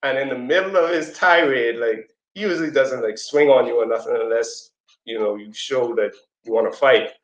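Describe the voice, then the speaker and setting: A man giving a casual teaching talk to a community audience, telling a story in a loose conversational way. He sometimes acts out quoted voices in a squeaky high pitch. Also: moderate pace, highs cut off. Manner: conversational, loose, with fillers and asides. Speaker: speaker at a community presentation. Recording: roomy echo.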